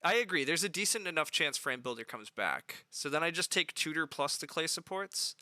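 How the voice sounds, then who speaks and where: Bright, crisp man streaming a game. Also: on the high side, lively intonation, a little fast, no echo. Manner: thinking aloud, chatty, lots of fillers. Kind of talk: live game stream commentary.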